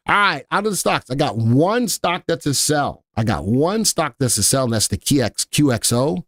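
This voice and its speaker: Male host for a live market stream, mid-pitched, talks off the cuff, dry close sound. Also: lively intonation, fairly bright tone, no room sound. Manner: chatty, thinks aloud, reads ticker letters slowly. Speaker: stock market show host.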